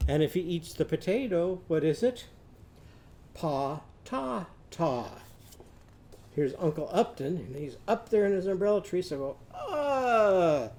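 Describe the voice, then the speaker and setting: A man teaching a children's literacy lesson, modeling speech sounds slowly and leading the class to repeat them. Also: sits high, lively intonation, mellow.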